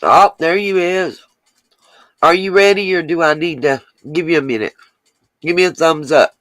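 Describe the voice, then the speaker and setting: A woman's voice: deep voice, a bit bright, no room sound. A woman hosting a casual livestream, chatting with her viewers and answering their comments as they come in. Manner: chatty, talks straight to viewers, drawn-out asides. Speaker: livestream host.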